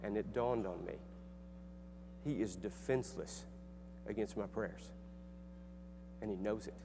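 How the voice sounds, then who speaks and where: A man's voice: fairly low pitch, a little slow. A middle-aged man telling a personal story to an audience in an earnest, conversational way, with restarts and fillers. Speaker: speaker and author. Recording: echoey hall with faint hum.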